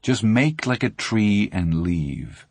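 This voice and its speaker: Man voicing a calm teen gang boss, low-key and menacing, dry close sound. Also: takes it slowly, no room sound, heavily acted. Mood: calm menace. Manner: patient, smooth, menacing. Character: cool older teen gang leader, patient menace.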